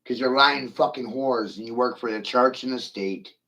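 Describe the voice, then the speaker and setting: A man's voice: medium pitch, normal speed, pushed and bright, rough recording. A middle-aged man in a profane, taunting rant, swearing aggressively at his critics.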